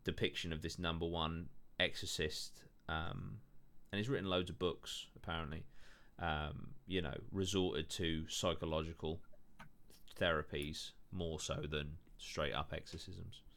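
A man's voice: sits low, fairly even intonation, a little slow, creaky, fairly bright tone. A man hosting a podcast, telling stories in loose casual chat, full of fillers and swearing. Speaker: podcast host.

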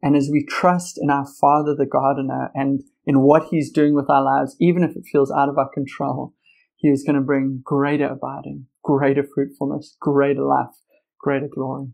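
A man's voice: mid-range voice, flat delivery, normal speed, creaky, darkish tone, low-quality recording. A young man preaching an earnest, conversational sermon with personal stories. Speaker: pastor.

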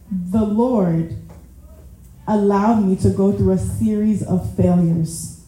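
A woman's voice: medium pitch, steady tone, drawn-out words, pauses often, dark tone. A woman giving a casual, conversational sermon, chatty, calling the audience y'all and often laughing at herself. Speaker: preacher. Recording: very echoey room.

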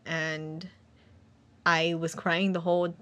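A woman's voice: on the low side, level tone, slow, a bit bright. A young woman in casual conversation, telling a sad personal story in a rambling way with lots of fillers and acted-out quotes. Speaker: guest sharing a personal story. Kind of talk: casual chat.

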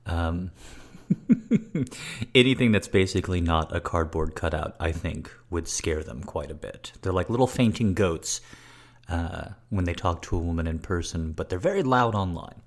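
Deep-voiced playful male podcast host. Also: animated, measured pace. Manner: wry, playful and flirty. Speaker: podcast host answering listener questions. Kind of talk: casual chat.

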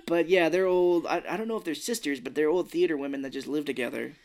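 A man's voice: fairly high pitch, quick pace, darkish tone. Chatty man retelling a movie. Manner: retells scenes with acted quotes and chuckles. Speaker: podcast co-host. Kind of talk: casual movie chat.

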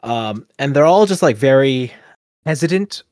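A man rambles through a casual anecdote. He talks in a middle-pitched voice, acting out what people said. The recording is close and dry. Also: a little slow, no echo. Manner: rambling, animated storyteller with many fillers and quoted asides. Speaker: podcast co-host. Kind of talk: casual storytelling chat.

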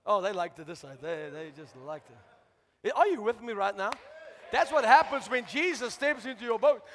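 A man preaching a sermon as pastor, shouting out to the congregation and asking for responses. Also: high-pitched, expressive, moderate pace. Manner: preaching with rising shouts and call-outs to the congregation. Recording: long hall reverb.

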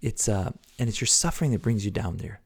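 A man preaching a devotional podcast sermon, earnest, swinging between loud exhortation and hushed whispers. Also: on the low side, a little fast, slightly rough.

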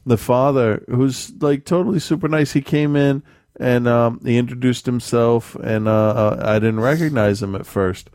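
A man's voice: medium pitch, fairly even intonation, normal speed, darkish tone, smooth, dry recording, studio quality. A man chatting casually as a podcast host, telling a meandering story full of restarts and laughs. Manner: rambling storyteller, self-correcting, laughs often. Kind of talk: casual chat.

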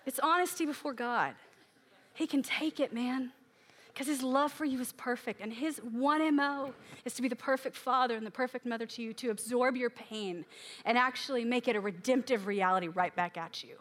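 A woman's voice: a little high, normal speed, fairly bright tone. A woman preaching a sermon in a candid, emotional way, acting out her own prayers aloud and sounding tired from crying.

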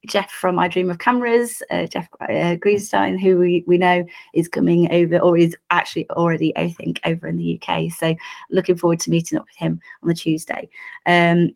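Croaky woman, low gravelly voice. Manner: lots of ums, rambling. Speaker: podcast guest photographer. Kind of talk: casual chat.

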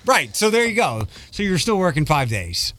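A man's voice: fairly high pitch, sing-song, moderate pace, fairly bright tone. A man hosting a casual chat, telling rambling stories and correcting himself as he goes. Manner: rambling, self-correcting storyteller.

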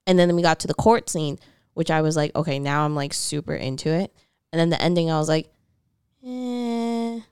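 A young woman talks through a movie on a casual podcast and acts out what she thought at each point. Her voice sits low for a woman and sounds smooth, in a dry, close space. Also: fairly even intonation, fast talker, a little mellow, no room sound. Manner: chatty, leans on "like" and reported thoughts. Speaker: podcast co-host.

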